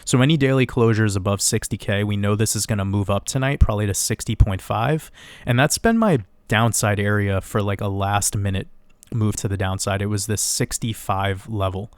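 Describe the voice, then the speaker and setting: A man giving a casual, rambling crypto chart analysis, getting excited and swearing now and then. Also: lowish voice, normal speed, clean tone, no echo. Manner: excitable, rambling, swears, laughs at own numbers.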